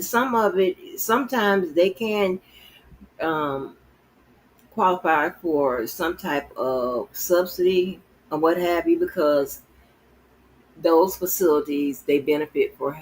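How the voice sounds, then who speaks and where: A man's voice: on the high side, husky, poor audio. A man co-hosting a podcast in casual chat, rambling and loose, with frequent profanity. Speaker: podcast co-host.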